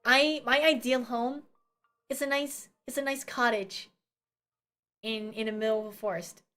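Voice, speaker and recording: A woman's voice: on the high side, steady tone, a little slow, a bit bright. A young woman from New Jersey chatting casually as a streamer, ranting and swearing with self-mocking asides. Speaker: VTuber streamer.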